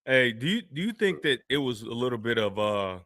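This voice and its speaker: A man co-hosting a casual sports talk show, talking in an animated, conversational way with lots of rhetorical questions. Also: mid-range voice, fairly quick, dry recording, clean studio sound.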